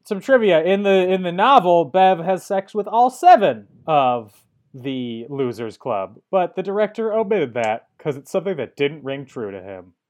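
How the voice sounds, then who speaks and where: Podcast co-host, casual chat, trivia, matter-of-fact, middle pitch. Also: very animated, normal speed, a little mellow.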